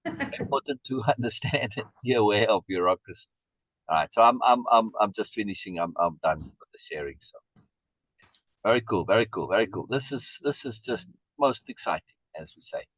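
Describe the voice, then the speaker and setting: Lively-voiced man on a dull call line. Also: fairly low pitch, fairly quick, dry recording. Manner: stammering repeated words, musing and reflective. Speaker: meeting participant being honored. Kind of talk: casual video meeting chat.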